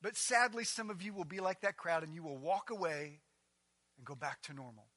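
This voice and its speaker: A man preaching a sermon as a pastor, delivering it with passion and building up to near-shouting on emphatic passages. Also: a little high, a little fast, no room sound.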